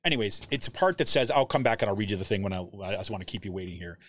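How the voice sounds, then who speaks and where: A man's voice: on the low side, rapid-fire, slight background noise. A man hosting a live commentary show, reading quotes aloud and keeping them going with frequent rhetorical questions. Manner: animated, keeps asking "right?", reads quotes aloud; searches through documents while talking, trails off.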